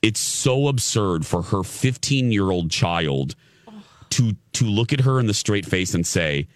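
Animated middle-aged radio host, low voice. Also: male voice, a little slow, dry recording, studio quality. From Indiana. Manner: animated, stammering restarts, laughing at himself. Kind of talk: casual storytelling chat.

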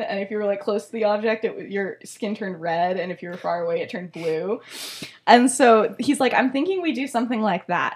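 A young woman hosting a podcast, casually retelling a story with lots of "like" and frequent laughter. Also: a little high. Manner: chatty, laughing often, heavy use of "like". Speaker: podcast host.

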